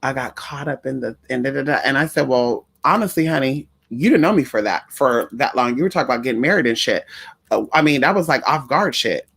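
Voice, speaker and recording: A woman's voice: extremely low pitch, expressive, brisk, vocal fry, a bit bright, husky. A trans woman vlogger telling a story to her viewers in a sassy, chatty way, calling them y'all and honey.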